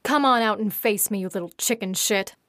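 A woman voicing an angry, tough ex-Marine neighbor, speaking slowly and heavily. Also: medium pitch, a bit bright, dry recording, studio quality, natural voice. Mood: furious.

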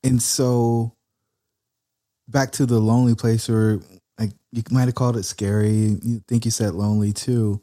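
A man's voice: medium pitch, little pitch movement, moderate pace, mellow. A man hosting an interview podcast, asking reflective, encouraging questions of his guest. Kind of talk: conversational interview.

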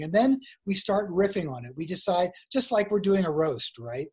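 A man's voice: high-pitched, lively intonation, normal speed, hardly any pauses, darkish tone, husky. A man being interviewed as an author over a video call, telling a story in a chatty, laughing way. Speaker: guest author. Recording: video call audio over weak wifi.

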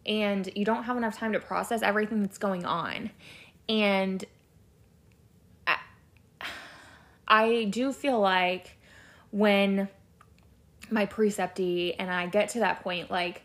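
A woman's voice: mid-range voice, fairly even intonation, slow, long pauses, a bit bright. A young adult woman, a nurse and podcast host, chatting casually on her own show in a rambling, candid way, full of fillers and the odd swear word. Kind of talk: casual solo podcast chat.

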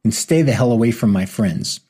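A man's voice: mid-range voice, expressive, fairly quick, dark tone, slightly rough. A man voicing a big, hot-tempered man in an audiobook, with a blunt, exasperated delivery.

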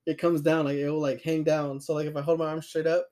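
A man's voice: a little high, level tone, fast, dark tone. A young man co-hosting a podcast, telling stories in a loose, profane way, full of fillers and laughter. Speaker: podcast co-host. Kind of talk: casual chat.

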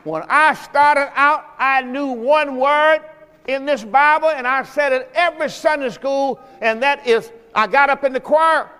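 A male pastor with a high voice shouts his sermon at a measured pace in a church sanctuary, calling on the congregation to respond. The recording carries the echo of the hall along with music.

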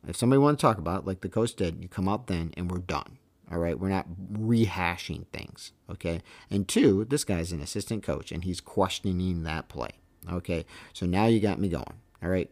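A middle-aged man, a veteran umpire hosting his own show, telling stories in a casual, emphatic way and often adding "okay?" to make his point. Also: deep voice. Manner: emphatic, keeps checking in with "okay?" and "all right?". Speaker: veteran baseball umpire, podcast host. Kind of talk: casual storytelling monologue.

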